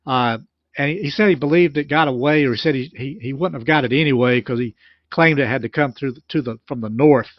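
A man's voice: mid-range voice, brisk, no echo, highs cut off. A man who explains and retells a preacher's story in plain talk, with frequent restarts. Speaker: commentator on a recorded sermon. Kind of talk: explanatory commentary.

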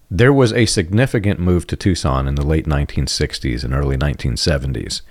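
A man co-hosting a podcast, speaking in a measured, guarded way, clearing his throat and laughing softly. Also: a bass voice, dry recording, clean studio sound. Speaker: podcast co-host. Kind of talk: casual podcast discussion.

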